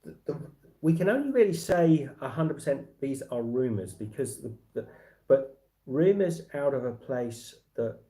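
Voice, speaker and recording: A man's voice: mid-range voice, sing-song, normal speed, mellow. A man hosting a casual livestream, talking in a rambling way with many restarts and fillers. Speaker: livestream host.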